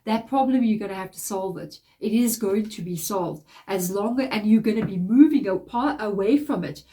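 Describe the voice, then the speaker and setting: A woman's voice: medium pitch, moderate pace, dark tone. A woman from Africa with a blocked, nasal nose, giving a casual tarot card reading in a chatty, encouraging, rambling way. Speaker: tarot reader.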